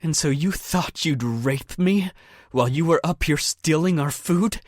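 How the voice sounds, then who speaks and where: A man voicing a fierce, grieving teenage girl in an audiobook, raising his voice high for her lines. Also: unhurried, no echo, clean studio sound. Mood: furious. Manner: raised pitch, pleading then shouting.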